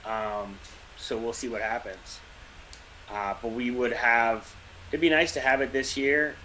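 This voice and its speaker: This is a man chatting casually on a fan podcast. His voice is bright and forward. He rambles and slips in dry jokes, with a faint hiss under the recording. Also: medium pitch, fairly even intonation, measured pace, low-quality recording. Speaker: podcast co-host. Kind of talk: casual chat.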